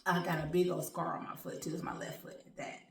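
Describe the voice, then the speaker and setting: A woman hosting her own show, telling a personal story in an animated, colloquial way and speaking straight to her audience. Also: sits low, a little fast, gravelly. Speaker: show host. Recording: roomy sound, distant from mic.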